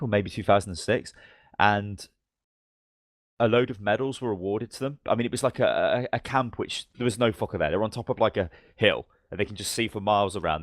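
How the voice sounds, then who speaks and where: On a podcast he co-hosts, a man tells long, meandering stories in casual conversation, swearing freely and performing the voices of the people involved. His voice is deep, and the recording is clean studio sound with no room ambience.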